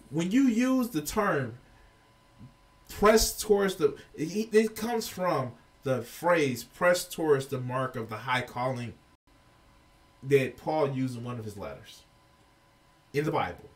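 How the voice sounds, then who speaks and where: A man's voice: on the high side, sing-song, takes it slowly, distant mic. A man giving heated, profane reaction commentary as a video reviewer, exasperated and ranting.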